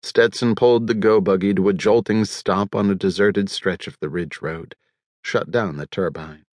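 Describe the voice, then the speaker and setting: A man narrating an audiobook in an even, measured storytelling manner on a close studio mic. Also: deep voice, no echo. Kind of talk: scripted narration.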